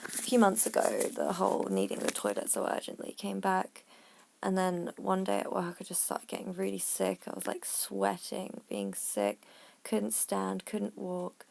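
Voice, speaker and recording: Woman vlogging, gravelly and a bit breathless, chatty, goes almost whispery sometimes. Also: mid-range voice, a little mellow. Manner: chatty, frank, drops to a near whisper at times. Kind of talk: casual personal story to camera.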